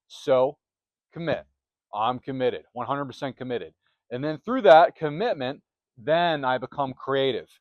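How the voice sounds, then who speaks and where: On a self-help channel, a medium-pitched male host delivers a motivational talk straight to camera. His phrases are emphatic, punchy and repetitive, and he's recorded on a close microphone.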